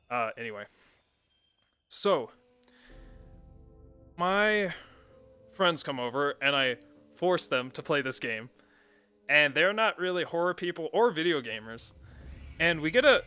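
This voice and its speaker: Bright-voiced young man telling a story. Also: a little high. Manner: rambling, laughs often, swears casually. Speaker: streamer. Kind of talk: casual storytelling while streaming a game.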